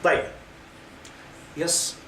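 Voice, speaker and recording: A man's voice: slow pace, noisy background. A man in his fifties giving an Islamic lecture to a youth audience. He questions the listeners, waits for their answers and talks in loose, repeating phrases, often adding "okay?". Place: lecture hall with a live audience. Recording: echoey room picked up from a distance.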